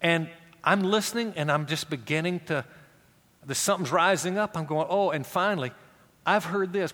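A middle-aged pastor preaching a sermon, swinging from raised, animated passages to low, hushed emphasis, with quoted voices acted out in conversational asides. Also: male voice, moderate pace, big-room sound.

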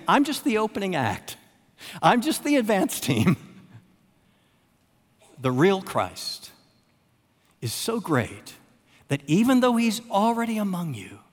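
A man preaching a sermon with dramatic repetition, long pauses, and swings from loud emphasis to a hush. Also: fairly high pitch. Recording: long reverb of a large hall.

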